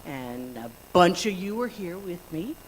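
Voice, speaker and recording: A woman's voice: fairly low pitch, very animated, unhurried, slight background noise, poor audio. A woman speaking frankly and chattily at a church service, with mild swearing, sharing a casual personal reflection. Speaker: congregation member sharing a reflection.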